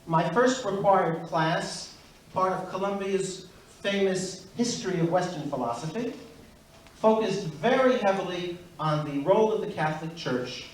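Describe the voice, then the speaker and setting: Middle-aged Brooklyn comic, higher voice, storytelling stand-up, recorded from afar in a very reverberant hall. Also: male voice. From Brooklyn, USA. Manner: measured storytelling with character voices. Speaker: stand-up comedian. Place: university event hall. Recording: very echoey hall, far mic.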